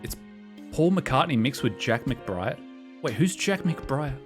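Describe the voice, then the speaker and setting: A man's voice: mid-range voice, expressive, takes it slowly. Jokey young man streaming a game. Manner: jokey, chatty, laughing often. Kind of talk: casual game stream commentary. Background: music.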